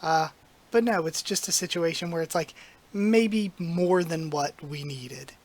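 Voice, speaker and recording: A channel host giving a casual spoken review, slightly hoarse from losing their voice, rambling and conversational with lots of "like" and "um". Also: mid-range voice, a little slow. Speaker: YouTube channel host reviewing manga chapters.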